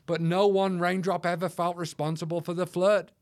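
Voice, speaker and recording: A man's voice: high voice, little pitch movement, normal speed, a little mellow. A man talking as an interview guest in a passionate, rhetorical way, often leaning on quotes to rally listeners. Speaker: guest, leader of an anti-trafficking charity. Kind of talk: conversational interview.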